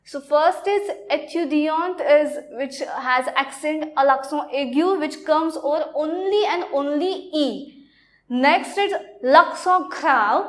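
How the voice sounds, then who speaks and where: Slow-speaking high-voiced woman teacher. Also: a bit bright. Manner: slow and explanatory, with frequent okays. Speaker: French teacher. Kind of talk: classroom lesson.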